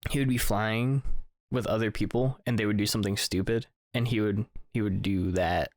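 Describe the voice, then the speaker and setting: A man's voice: on the low side, steady tone, brisk, dry recording, clean studio sound. A young man co-hosting a podcast, telling stories and teasing dryly in casual chat. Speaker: podcast co-host.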